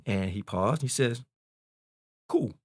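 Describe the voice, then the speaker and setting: Male guest, 40s, low-leaning dry voice, casual animated storyteller. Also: fairly quick, dry recording. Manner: candid, animated retelling, peppered with "man". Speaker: podcast guest.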